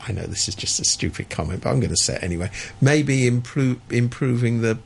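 A man's voice: medium pitch, expressive, a little fast, vocal fry, darkish tone, husky. A man giving sardonic, opinionated commentary in a radio studio, stammering and restarting as he talks.

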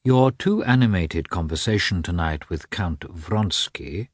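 A man voicing a stiff middle-aged husband who speaks coldly, calmly and with deliberation. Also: sits low, breathy edge, no room sound, clean studio sound, exaggerated voice. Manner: cold, calm, deliberate.

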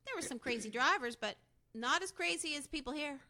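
A woman co-hosting a podcast, telling a road-trip story in casual chat, animated and quick to laugh. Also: high-pitched. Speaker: podcast co-host.

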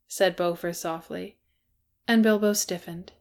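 A woman narrating a storybook chapter in an even, measured way. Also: mid-range voice. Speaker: fan fiction reader. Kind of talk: storybook reading.

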